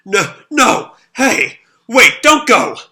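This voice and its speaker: Grief-stricken young man, desperate and self-blaming, with a bright, sore-throated voice as a man reading a manga puts him on. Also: on the high side, expressive, measured pace. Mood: anguished. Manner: raises his voice and pleads when reading emotional lines.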